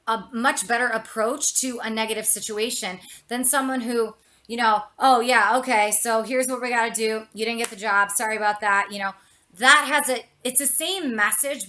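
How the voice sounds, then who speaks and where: Woman coaching on communication, bright sharp voice, kinda high, chatty and expressive. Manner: chatty, expressive, uses "you know" and "like". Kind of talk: motivational talk to camera.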